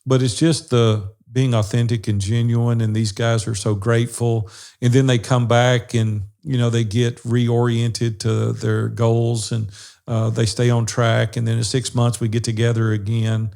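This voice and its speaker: Gravelly man telling stories. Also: medium pitch, flat delivery, unhurried. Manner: warm folksy storyteller, says y'all and fixing to. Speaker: co-host of a business brotherhood podcast. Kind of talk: casual storytelling chat.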